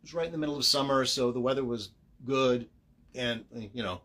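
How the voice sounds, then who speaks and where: Talking a little fast in a fairly bright, medium-pitched voice, a voice actor chats on a livestream while signing autographs. He walks viewers through each step and jokes about himself, staying chatty and self-deprecating throughout.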